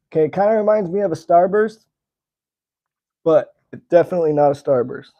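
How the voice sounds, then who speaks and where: Fairly high in pitch and mellow, this American man's voice leads a casual live stream for his slingshot channel. Between bites of candy he answers viewer comments and chats.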